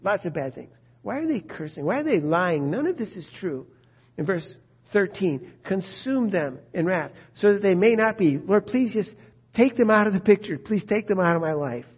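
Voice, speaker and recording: A husky, rather high-voiced man preaches with passion, pressing question after question on his listeners. The recording is dull and lo-fi, and his tone keeps an urgent edge throughout. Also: expressive, normal speed. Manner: impassioned, rhetorical questions. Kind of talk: sermon.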